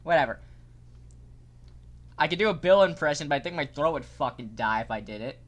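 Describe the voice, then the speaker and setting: A young man streaming a game live, casual and excitable, cursing often and swinging from mock calm to yelling. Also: on the high side, fairly quick.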